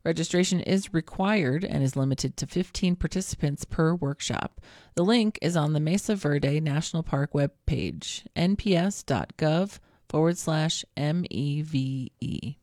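Low-voiced woman radio announcer. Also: a little slow, darkish tone, no room sound, clean studio sound. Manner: friendly, conversational.

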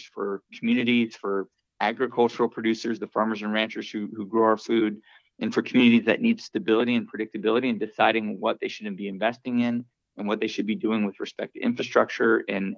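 A male congressman speaking deliberately, repeating words as he makes a policy point. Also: fairly low pitch, no echo, dull audio. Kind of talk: public statement.

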